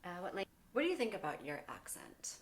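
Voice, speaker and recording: A woman's voice: fairly low pitch, huge pitch swings, quick pace. Woman asking brief interview questions.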